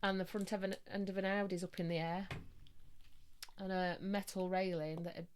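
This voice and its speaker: Woman guest, psychic medium, low-pitched, lively anecdotal delivery. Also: slight background noise. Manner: lively storyteller, quick bursts of laughter. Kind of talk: casual podcast chat.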